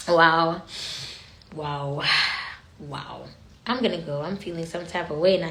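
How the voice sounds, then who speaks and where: A woman with a Jamaican accent hosting a casual livestream, chatting to her viewers and slipping in and out of patois, recorded on a phone in an echoey room. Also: mid-range voice. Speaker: livestream host.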